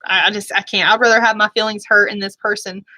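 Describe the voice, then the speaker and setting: Chatty, apologetic woman vlogger, bright voice. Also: medium pitch, fairly even intonation, quick pace, no echo. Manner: chatty, rambling, often apologetic. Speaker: beauty vlogger. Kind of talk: casual chat.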